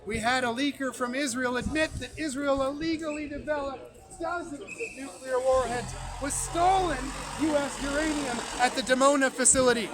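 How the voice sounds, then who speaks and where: A man giving a loud, emphatic political speech outdoors on a street, his voice strained. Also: extremely high pitch, steady tone, moderate pace. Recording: crowd noise behind an outdoor stream.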